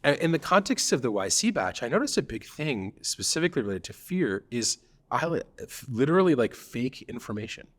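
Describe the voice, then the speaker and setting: A man's voice: mid-range voice, very animated, brisk. A man co-hosting a casual talk about startups, telling stories animatedly, acting out quoted founders and laughing often. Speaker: startup advisor, co-host. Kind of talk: casual conversational podcast.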